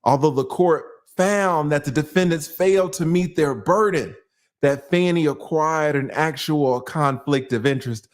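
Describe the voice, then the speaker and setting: A man's voice: fairly high pitch, unhurried. A male attorney giving casual legal commentary, telling it like a story with rhetorical questions and slangy asides. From United States.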